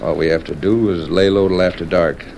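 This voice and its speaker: An actor playing a smug, gloating outlaw, in 1940s radio acting. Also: male voice, low-pitched, fairly even intonation, fairly quick, gravelly, darkish tone, a little hiss or hum. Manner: gloating, chuckling. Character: smug hard-faced male outlaw.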